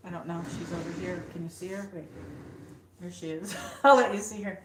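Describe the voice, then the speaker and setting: A woman's voice: lowish voice, steady tone, fairly quick, reverberant, a little hiss or hum, poor audio. A woman hosting a casual livestream from her home, chatting with viewers and coaxing her dog. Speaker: livestream host. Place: room at home.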